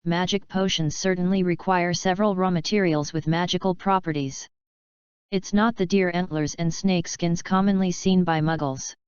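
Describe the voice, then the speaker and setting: A woman narrating a fanfiction audiobook in a steady, even reading. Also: fairly low pitch, smooth, no room sound. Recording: dull lo-fi dry recording.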